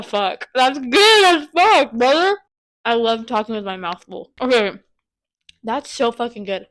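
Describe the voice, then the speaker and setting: A woman's voice: a little high, no echo, poor audio. Chatty, foul-mouthed woman vlogging. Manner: chatty, swears freely, lots of filler words. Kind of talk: casual vlog chat.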